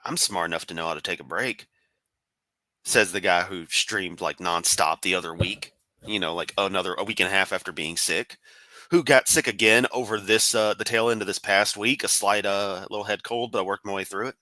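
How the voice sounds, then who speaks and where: A man's voice: sits low, steady tone, fairly quick, sharp tone, no room sound. A man giving sarcastic, profane, rambling commentary on a live stream.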